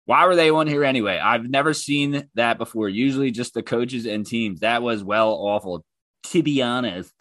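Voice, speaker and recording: A podcast host rants on his own show about online comments, sounding heated, profane and mocking. His voice is mid-range and fairly bright, at a moderate pace, with no echo.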